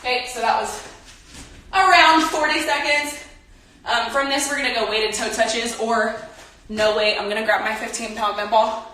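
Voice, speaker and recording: Young female workout coach, casual and chatty, a bit out of breath, somewhat high voice, heavy room echo. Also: steady tone, normal speed, sharp tone. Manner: chatty, talks while exercising. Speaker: workout instructor. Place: home room. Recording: very echoey room, from a distance.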